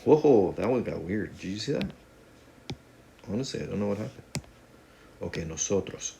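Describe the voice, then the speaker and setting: A man with a somewhat low voice runs a casual video lesson on Spanish grammar. He talks to the class in a conversational, joking way, full of playful asides. A faint hum of room noise sits behind him. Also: animated, moderate pace, vocal fry. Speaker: Spanish teacher.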